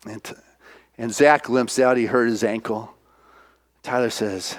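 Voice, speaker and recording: A male minister giving a sermon, retelling a film scene by scene in an animated, storytelling way. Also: mid-range voice, unhurried.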